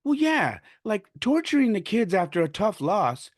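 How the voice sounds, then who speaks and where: A fretful male official frets and stumbles over his words, put on by a man. The voice jumps well above a normal speaking pitch, hesitant and nervous. The recording is close and dry. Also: sing-song, normal speed, no echo. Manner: hesitant, stammering objections. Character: fussy worried male school official.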